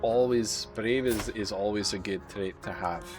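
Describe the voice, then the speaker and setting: A man's voice: on the low side, measured pace, over music. Wry male streamer reading game text. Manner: reads game text aloud with wry asides. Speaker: live streamer. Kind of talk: live gameplay commentary.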